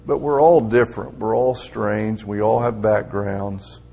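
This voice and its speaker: A man's voice: lowish voice, measured pace, creaky, dark tone, slightly rough. A middle-aged man preaching a conversational sermon, building to emphatic, raised peaks.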